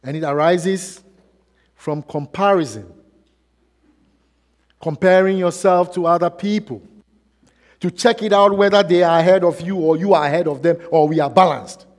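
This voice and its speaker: Male pastor preaching, slightly high voice, long church reverb, rhetorical questions, rises and drops in volume. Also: moderate pace, pauses often. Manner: preaching with rhetorical questions, swinging between loud and soft. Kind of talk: sermon.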